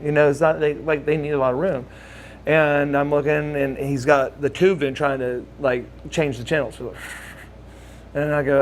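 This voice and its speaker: A man telling a personal story in casual speech, with halting restarts and lively acted-out quotes. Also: slight background noise. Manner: animated, acts out quoted voices with big pitch jumps; halting restarts and repeated words. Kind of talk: casual spoken anecdote.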